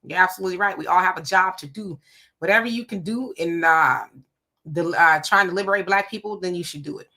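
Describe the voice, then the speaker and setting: A woman's voice: on the low side, brisk, sharp tone. A woman hosting a casual livestream, chatting loosely and greeting viewers by name as she reads their comments. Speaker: livestream host.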